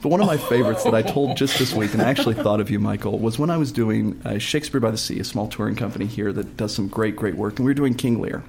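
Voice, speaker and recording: A man's voice: on the low side, fast talker, few pauses, a crowd in the background. A man hosting a casual conversation with actors and telling his own stage anecdotes. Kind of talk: casual chat.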